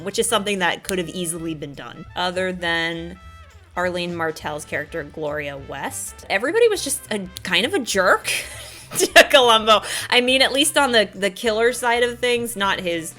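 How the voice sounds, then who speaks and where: A woman hosting a casual chat, animated and enthusiastic, often laughing as she talks. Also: on the low side. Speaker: host.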